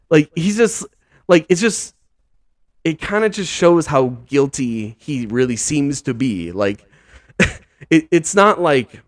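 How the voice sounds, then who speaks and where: A man's voice: on the high side, no echo. Rambling, exasperated man on a podcast. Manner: rambling, heavy use of "like", "dude" and "bro"; incredulous, exasperated. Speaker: podcast host. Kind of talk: casual podcast commentary.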